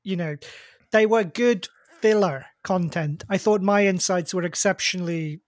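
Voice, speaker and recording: A man with a fairly high voice teases his co-hosts in a mock-boastful way. The recording is close and dry. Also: moderate pace, no room sound. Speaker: podcast co-host. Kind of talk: casual discussion.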